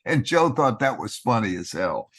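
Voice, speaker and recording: An older man from Texas with a Texan accent, telling animated stories as an actor guest and slipping into a broadcaster voice. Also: medium pitch, normal speed. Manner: animated anecdotes with broadcaster-voice impressions. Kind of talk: casual storytelling.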